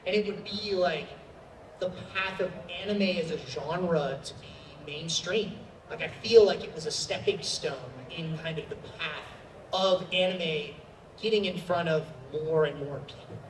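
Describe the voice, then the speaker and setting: High-voiced man answering a convention panel. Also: measured pace, slight background noise. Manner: chatty, animated, with many fillers. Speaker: voice actor. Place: large convention hall. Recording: roomy hall sound from a distant mic.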